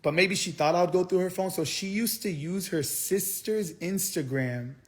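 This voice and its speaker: A young man rants to his viewers on a live stream, his voice sitting a little high for a man. He rambles through the story in heated bursts, swearing and restarting his sentences as he goes. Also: normal speed. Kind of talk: angry livestream rant. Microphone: phone.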